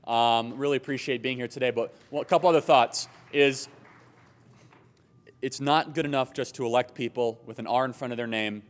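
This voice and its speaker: A man giving a persuasive political speech at a hotel conference and taking audience questions, talking emphatically and briskly. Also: mid-range voice, steady tone. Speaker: conference speaker.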